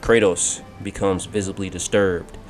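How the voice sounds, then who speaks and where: A man with a fairly low voice narrates a fan-made game story, describing each scene in a steady, measured way. Loud music plays under him throughout.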